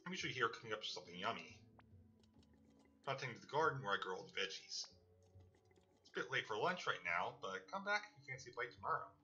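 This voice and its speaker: A man's voice: mid-range voice, sing-song, a little fast, long pauses, pushed and bright, full character voice. A man reading a chatty motherly cook. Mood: warm chatter. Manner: affectionate, chatty. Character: cheerful motherly woman cook at a bar. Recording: slightly muffled with game music.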